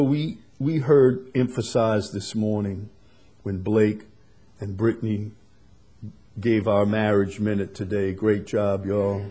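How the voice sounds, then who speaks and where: A man preaching a sermon, swinging from quiet and conversational to loud, emphatic passages. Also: lowish voice, husky. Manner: builds to loud emphatic preaching, then drops soft. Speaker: pastor.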